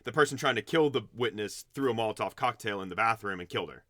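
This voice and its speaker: A man's voice: lowish voice, animated, fast talker, bright, forceful tone, no echo, clean studio sound. A man co-hosting a podcast, recapping a movie plot in a rambling, profane way with frequent laughs. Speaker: podcast co-host. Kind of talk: casual chat, recapping a movie.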